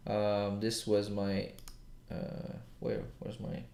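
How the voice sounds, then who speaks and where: A man's voice: fairly low pitch, completely flat delivery, slow, creaky, darkish tone, roomy sound. A man casually chatting with viewers as he works through charts on a live trading stream. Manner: casual, talks to viewers while working charts, slang-heavy. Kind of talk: live trading session chat.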